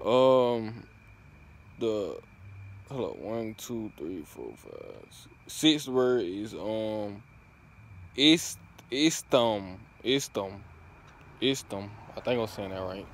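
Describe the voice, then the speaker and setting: A man's voice: lowish voice, big pitch swings, slow, gravelly, darkish tone. A man vlogging casually, laid-back and full of slang, often stumbling over words and chuckling at himself. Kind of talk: casual vlog.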